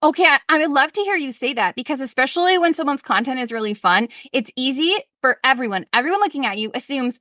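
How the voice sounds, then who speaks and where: A woman's voice: sits high, fast, few pauses, sharp tone, no room sound, clean studio sound. A woman hosting a podcast interview, upbeat and enthusiastic in a casual chat. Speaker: podcast host.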